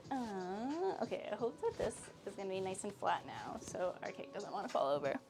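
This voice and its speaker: A woman's voice: mid-range voice, sing-song, normal speed, gravelly. A woman filming a casual home vlog in her kitchen, chatting to her dogs in a sing-song pet voice. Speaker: vlogger.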